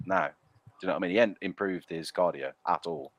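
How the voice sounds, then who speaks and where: A low-voiced man hosts a casual stream, reading chat messages out loud. He talks bluntly and swears freely. His voice sits close and dry, with no room around it. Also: big pitch swings, fast talker, gravelly, no echo. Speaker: stream host.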